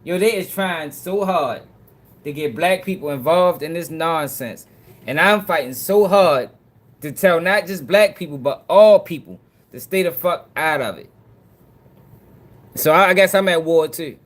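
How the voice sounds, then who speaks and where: A man's voice: fairly high pitch, a little slow. A man hosting a commentary show, reacting to clips in slangy, profane casual talk aimed straight at his viewers.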